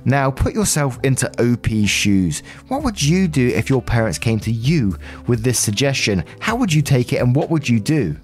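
A man with an average-pitched voice reads posts and comments aloud at a steady pace. He drops in dry, opinionated remarks of his own between the readings. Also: normal speed, hardly any pauses, faint music behind. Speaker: story-reading channel host.

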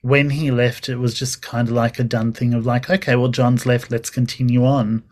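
A man chatting casually as a guest, his pitch in the middle range. He tells his stories animatedly, acting out the dialogue and laughing along the way. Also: little pitch movement, moderate pace, darkish tone. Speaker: podcast guest. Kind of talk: casual chat.

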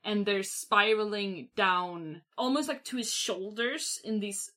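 A woman's voice: mid-range voice, slow, sharp tone. A woman playing a tabletop role-playing game, describing her character's actions in vivid detail with frequent fillers.

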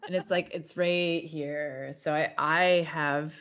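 Chill woman podcaster, lowish voice, kinda low-octave today, jokey chat. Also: steady tone, slow pace, fairly bright tone, lo-fi sound. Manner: laid-back, joking. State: voice lower than usual. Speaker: podcast co-host. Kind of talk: casual chat.

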